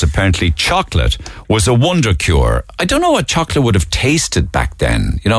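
A man's voice: fairly low pitch, no echo, clean studio sound. A man with a Cork Irish accent hosting a morning radio show, chatting through the papers and making asides to listeners. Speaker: radio host.

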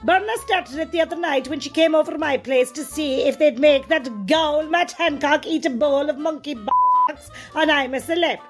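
A gossipy countrywoman with a Cork accent who talks bluntly and chattily. Her voice is high, and faint music plays behind her. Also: sing-song, normal speed. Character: gossipy rural Cork woman writing a letter. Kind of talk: comedy sketch acting.

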